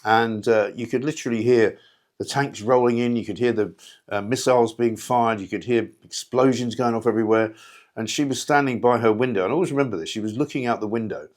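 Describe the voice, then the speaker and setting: A man's voice: medium pitch, brisk. A man hosting a talk show, delivering a sardonic, rambling, opinionated monologue straight to listeners. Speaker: radio talk show host.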